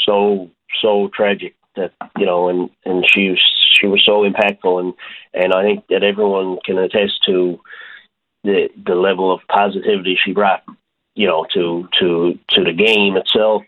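A man, a hockey coach, speaking haltingly with many fillers and repeated words in a phone interview. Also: sits low, steady tone. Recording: tinny phone line.

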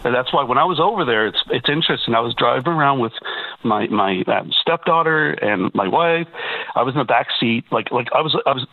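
A man's voice: medium pitch, expressive, brisk, no room sound. A man calling in to a radio talk show, talking emphatically and repeating himself as he presses his point. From Canada. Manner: emphatic, repeats words, rising to insistence. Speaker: caller. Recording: tinny phone line on radio.

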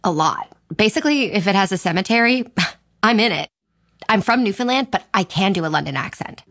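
A woman's voice: mid-range voice, expressive, a little fast, fairly bright tone, dry recording, studio quality, close to an everyday voice. Fog, a hammy spooky fog voiced by a woman. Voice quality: hammy, melodramatic. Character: Fog, a spooky theatrical fog auditioning. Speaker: ad character. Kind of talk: comic radio ad acting.

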